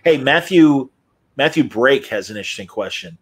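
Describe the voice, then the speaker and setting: Male host, mid pitch, relaxed casual live-stream delivery. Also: moderate pace, breathy edge.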